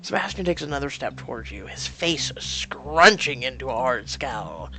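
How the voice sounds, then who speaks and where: A woman's voice: rumbling low, sing-song, normal speed, pushed and bright, faint music behind. A woman reading a story game aloud, adding chatty asides between the lines. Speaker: gameplay narrator.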